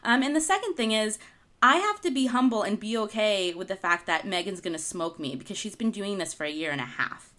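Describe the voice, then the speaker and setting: A woman telling a personal story in a casual, animated way, often laughing as she talks. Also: medium pitch, fairly quick. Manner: animated, laughing through anecdotes. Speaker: author and guest speaker.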